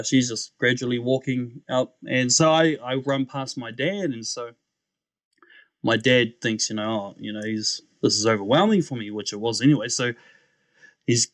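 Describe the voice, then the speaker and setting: A man's voice: mid-range voice, dry recording. A man with a New Zealand accent, a podcast guest who tells his testimony animatedly and often calls the host "bro.". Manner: animated storyteller, often says "bro", acts out voices. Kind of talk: testimony storytelling.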